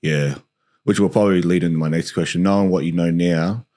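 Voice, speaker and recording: A man's voice: low voice, fairly even intonation, fairly quick, dark tone. A man hosting a podcast, laid-back and supportive, asking questions and offering short affirmations. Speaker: podcast host. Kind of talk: casual interview chat.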